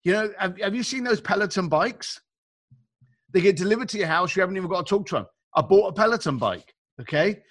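A man telling stories as a guest in casual conversation, chatty and animated, acting out the people he quotes and using informal slang. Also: high voice, fast talker. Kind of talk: casual storytelling.

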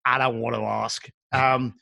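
Male guest, bright and forceful, animated storyteller, slangy. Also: medium pitch, unhurried, gravelly. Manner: animated, chatty, acts out quotes; informal slang. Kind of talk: casual storytelling.

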